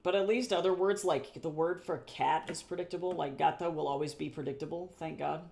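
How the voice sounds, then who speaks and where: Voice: mid-range voice, fairly even intonation, brisk, vocal fry, a little mellow, slight background noise. Chatty rambling artist on a live stream. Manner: chatty and rambling, with frequent self-corrections and repeated phrases; swears casually and laughs at own jokes. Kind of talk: casual live-stream chat while drawing.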